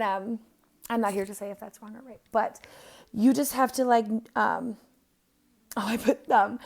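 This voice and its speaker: A woman's voice: on the high side, vocal fry, a little mellow. A young woman giving a casual birth chart reading, blunt and profane, with lots of fillers. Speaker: astrologer.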